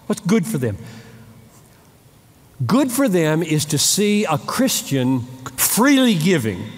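Animated preacher in an echoing hall. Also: male voice, on the high side. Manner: emphatic, repeats phrases and acts out short exchanges. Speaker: pastor. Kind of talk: sermon.

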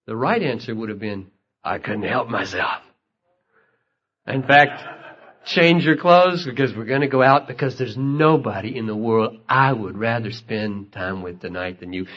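A man's voice: medium pitch, lively intonation, normal speed, a bit bright, slightly rough. A man preaching a sermon, telling stories and rising to emphatic peaks. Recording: muffled lo-fi recording.

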